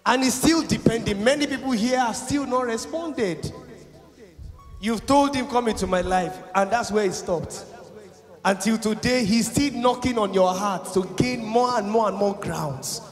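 A man preaching a fervent sermon, swinging between loud exhortation and hushed confession. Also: sits high, unhurried. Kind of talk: impassioned sermon. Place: large university chapel. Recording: echoey hall with music behind.

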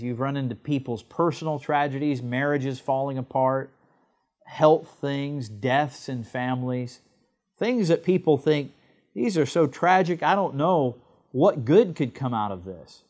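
A man from England preaching a sermon to other pastors, with emphatic stresses and slow, drawn-out phrases. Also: a little high.

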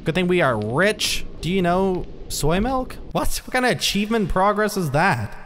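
A man giving commentary while playing a horror game, panicking with yelps and strings of rapid protests. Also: high voice, very animated, fairly bright tone, slight background noise. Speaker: let's play gamer. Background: game music.

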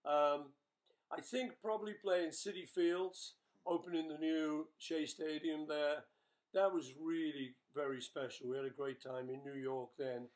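A man's voice: a little high, steady tone, unhurried. An older man, a rock musician, chatting casually with his bandmates in a webchat, joking and rambling with plenty of fillers. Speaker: rock musician answering fan questions.

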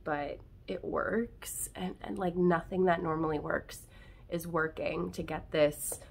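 A chatty, excitable woman talks straight to her viewers in a fairly low voice. Her throat is scratchy and tickly from a cold. She is recording in her bedroom, with a faint hiss behind her. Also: slow, gravelly. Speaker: plant channel host. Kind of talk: casual unboxing vlog.

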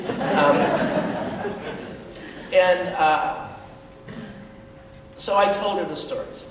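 Middle-aged male speaker, earnest storyteller with wry humor; distant mic in a reverberant hall, faint room noise. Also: on the high side. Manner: earnest, with self-deprecating humor and hesitant fillers. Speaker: speaker at a benefit event. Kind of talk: personal storytelling speech. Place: large event hall.

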